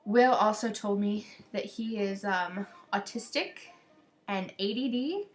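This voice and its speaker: A woman's voice: medium pitch, measured pace. A teenage girl talking into a webcam in a casual, rambling video message to a friend, gossiping and venting. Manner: rambling, gossipy, quotes others in exasperated voices.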